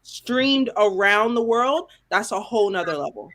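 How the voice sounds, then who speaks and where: A woman co-hosting a podcast in casual chat, animated and exclaiming, talking straight to listeners. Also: medium pitch, normal speed. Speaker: podcast co-host.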